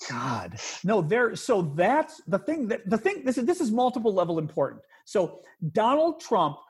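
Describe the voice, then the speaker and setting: A man's voice: normal speed, husky. A man hosting a podcast, chatting casually about politics and getting worked up when indignant. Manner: animated, rising pitch when indignant. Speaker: podcast host.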